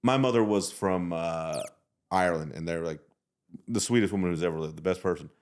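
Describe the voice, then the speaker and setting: A man's voice: low-pitched, brisk, darkish tone. A man in his thirties from Texas, a podcast guest telling dry, self-mocking stories with frequent laughs. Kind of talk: casual chat.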